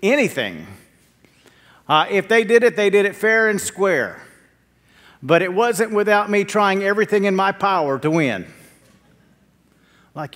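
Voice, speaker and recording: Pastor with a raised voice. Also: male voice, a little slow, long pauses. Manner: animated storytelling with jokes and quotes; drops to a low, quiet tone in prayer. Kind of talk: sermon.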